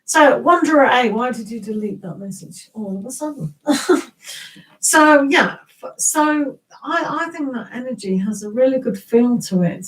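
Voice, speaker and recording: Chatty English woman with a higher voice. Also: animated, a little slow, recorded from a distance, low-quality recording. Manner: chatty and rambling, greets viewers, laughs often, many restarts. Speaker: tarot reader hosting a live stream. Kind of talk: casual live-stream reading.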